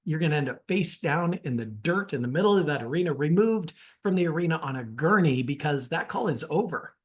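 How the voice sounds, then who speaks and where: A man teaching a sales webinar as a real estate coach, energetic and emphatic, often calling his listeners guys. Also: fairly high pitch. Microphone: online webinar.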